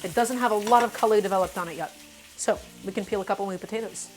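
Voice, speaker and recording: A woman's voice: medium pitch, fast, slight background noise. A woman hosting a casual cooking live stream, talking through each step and greeting her viewers by name. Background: faint music and sizzling pan.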